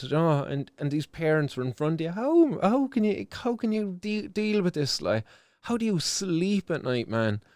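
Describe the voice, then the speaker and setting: Speaking on the high side with a darkish, smooth tone, a young Irish stream host is heard in studio quality with no room sound. He swears and talks with real passion in emotional live commentary, restarting many times and saying "do you know" a lot.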